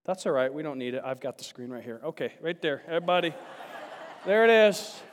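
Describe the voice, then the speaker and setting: A man preaching a sermon to a congregation, chatty with restarts and then rising to animated, emphatic bursts. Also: on the high side, a little fast, slight background noise. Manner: chatty asides, frequent restarts. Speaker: pastor. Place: large church sanctuary. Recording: long hall reverb.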